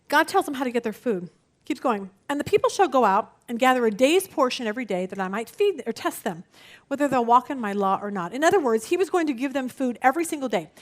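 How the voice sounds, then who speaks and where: Woman Bible study teacher, high-pitched, animated, plays out quotes. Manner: animated, laughs easily, acts out quotes.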